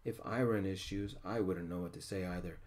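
A man narrating a story in a soft-spoken ASMR style, gentle and hushed. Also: low-pitched, fairly even intonation, a little fast.

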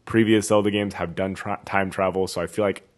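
A man's voice: sits low, level tone, a little fast. A man giving casual, jokey let's-play commentary, wondering aloud as he plays a video game.

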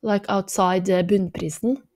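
A woman from Norway rambles to her vlog camera at a slow, unhurried pace. She sounds a little tired and keeps up an ironic, self-mocking tone, drifting into a lazy drawl. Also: medium pitch, fairly even intonation, a little mellow. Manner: joking, self-mocking, mock valley-girl drawl. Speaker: vlogger.

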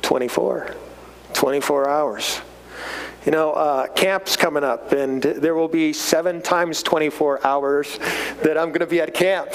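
A man giving a casual Bible study talk, animated, chuckling and often repeating words as he reads and explains. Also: a little high, unhurried, poor audio. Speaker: Bible teacher.

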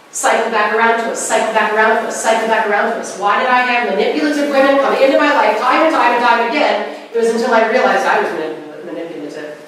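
A middle-aged woman presenter gives a spiritual talk to a live audience in a presentation hall, telling stories and acting out the voices she quotes. Her voice is fairly high, with slight background noise. The mic sits at a distance in a very echoey hall.

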